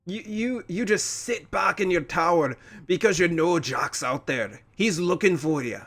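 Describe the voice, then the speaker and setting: A man voicing a hot-tempered old warrior father, shouting and berating in a high, strained voice. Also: very animated, a little slow, heavily acted. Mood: furious.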